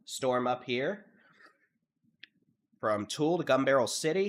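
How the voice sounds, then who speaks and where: A Texan man, congested from allergies, runs live severe-weather coverage in a steady, at times monotone cadence. He works through town names, storm speeds and hail sizes one after another. His pitch sits in the ordinary middle for a man. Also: a little slow, long pauses.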